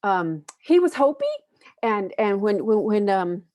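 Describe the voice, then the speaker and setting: A woman from the United States, a panelist and educator, presenting children's books in a reflective, earnest way, often pausing to find her words. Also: mid-range voice, big pitch swings, darkish tone, no echo.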